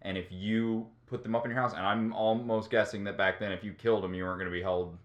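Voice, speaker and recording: A man co-hosting a casual chat podcast, explaining history in a rambling, relaxed way with plenty of ums. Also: lowish voice, quick pace, reverberant, dull audio.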